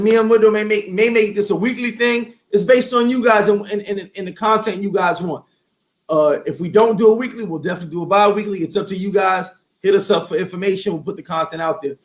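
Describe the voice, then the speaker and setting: Animated high-voiced male host. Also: fairly quick. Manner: animated, preachy motivational. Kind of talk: casual chat.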